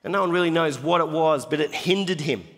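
A man's voice: on the high side, a little fast, fairly bright tone, big-room sound. A male pastor preaching a sermon in a conversational manner, laughing easily and casually recovering when he loses his notes.

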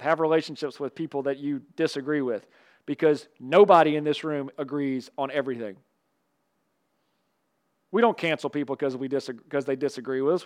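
Pastor, man, light high voice, chatty animated preaching with jokes. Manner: animated, conversational preaching with asides and humor. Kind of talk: sermon.

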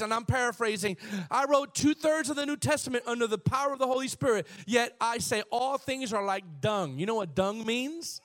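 A man's voice: very high voice, a little fast, hardly any pauses, a bit bright. A man preaching a sermon, reading scripture aloud and calling on the congregation to respond, with bursts of emphasis. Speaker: pastor.

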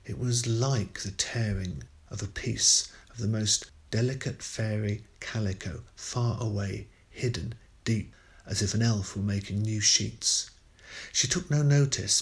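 A man reads a ghost story aloud in a somewhat low voice. His delivery is measured and expressive, dwelling on the tension. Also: vocal fry. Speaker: story reader.

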